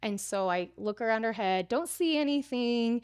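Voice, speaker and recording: A woman's voice: a little high, animated, moderate pace, smooth, dry recording, clean studio sound. A woman in her thirties, a preparedness teacher and interview guest, telling her story casually with lots of "like" fillers.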